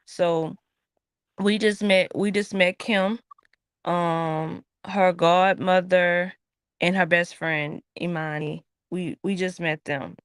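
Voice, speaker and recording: A woman's voice: lowish voice, takes it slowly, clean tone, no room sound, studio quality. A woman, co-hosting a casual late-night chat and acting out the people she quotes as she tells a story. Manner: animated storyteller, acts out quotes. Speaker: podcast co-host.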